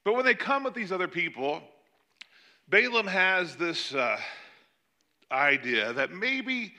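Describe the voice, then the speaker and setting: A man's voice: high voice, very animated, slow, pauses often, pushed and bright. An older man preaching a sermon, retelling a scripture story in a conversational way with joking asides. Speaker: pastor.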